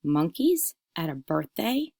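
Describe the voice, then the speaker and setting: A woman's voice: on the low side, lively intonation, unhurried, gravelly, a little mellow, dry recording. A woman teacher reading aloud as a scornful, grumbling working mother who sneers at her daughter. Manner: sneering, dismissive. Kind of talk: read-aloud storytelling.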